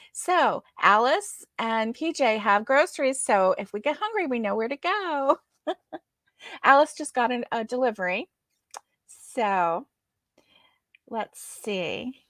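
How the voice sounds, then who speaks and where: A woman's voice: fairly high pitch, big pitch swings, slow pace, pushed and bright, dry recording, studio quality. A woman hosting a casual crochet livestream, reading viewer comments aloud and greeting each viewer by name.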